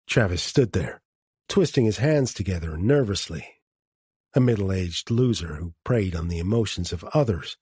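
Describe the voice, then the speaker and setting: A man reading an audiobook in a measured first-person narration. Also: deep voice, expressive, a little mellow, slightly rough, no room sound, clean studio sound. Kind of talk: scripted narration.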